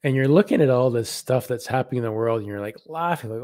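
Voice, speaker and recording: Man, spiritual channeler, live-stream reading, gentle and halting, mid pitch, dry close sound. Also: no echo. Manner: gentle, halting, repeats words while channeling.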